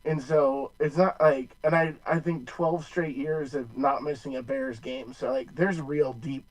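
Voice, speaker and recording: A young man from the Chicago area chats about sports on a podcast, rambling and restarting his sentences. His voice is fairly high. The recording is close and dry. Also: fairly even intonation, a little slow, dry recording, far from the mic, rough recording. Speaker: podcast co-host. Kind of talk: casual sports chat.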